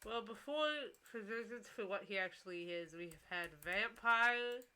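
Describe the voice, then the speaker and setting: A woman co-hosting a live stream, reading out viewer comments between giggles. Her voice is bright and crisp, sitting at a middle pitch. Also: moderate pace. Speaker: streamer co-host reading chat. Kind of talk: casual Twitch stream chat.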